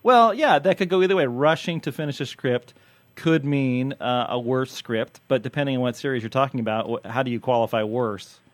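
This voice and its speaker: A man hosts a relaxed podcast chat as a TV critic. He rambles, jokes and teases, his medium-pitched voice sitting close and dry. The talk stays loose and conversational. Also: no echo. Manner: jokey, rambling, quick to tease.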